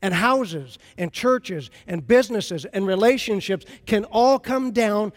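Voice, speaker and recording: A man's voice: high-pitched, lively intonation, measured pace. A man preaching a sermon as pastor, talking to the congregation in a conversational, storytelling way. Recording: long reverb of a large hall.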